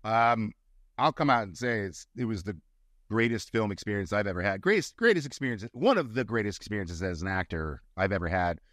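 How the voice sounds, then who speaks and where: A man's voice: on the low side, a little fast, dry recording, clean studio sound. A middle-aged male actor, a guest, telling stories in a casual interview and acting out the quotes. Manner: animated storyteller, acts out quotes.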